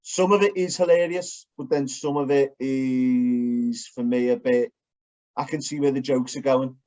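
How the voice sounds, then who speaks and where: A man's voice: mid-range voice, fairly even intonation, measured pace, warm tone. A man with a Liverpool accent, co-hosting a podcast in casual chat and telling blunt, sweary stories. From Liverpool, England. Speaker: podcast co-host. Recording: dull lo-fi sound.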